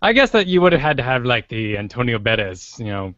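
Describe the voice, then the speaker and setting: A man's voice: mid-range voice, big pitch swings, fairly quick, a bit bright, no echo, highs cut off. A man, a guest voice actor, giving thoughtful opinions in a casual podcast chat.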